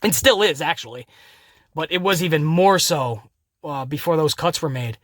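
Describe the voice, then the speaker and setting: High-voiced animated podcast man. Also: normal speed, no room sound, studio quality. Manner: animated, laughing, profane, addresses listeners as guys. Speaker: podcast host. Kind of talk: wrestling recap podcast.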